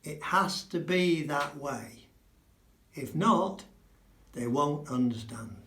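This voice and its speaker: A middle-aged man from England teaching Spanish pronunciation, slow and emphatic, repeating sounds to demonstrate them. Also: fairly high pitch, expressive, bright, forceful tone, a little hiss or hum. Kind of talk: spoken language lesson. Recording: echoey room.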